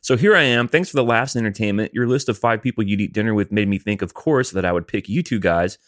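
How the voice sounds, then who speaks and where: Low-voiced man reading listener emails. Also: fast, fairly bright tone, dry recording, clean studio sound. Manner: loose, jokey, reads emails aloud. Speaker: podcast co-host.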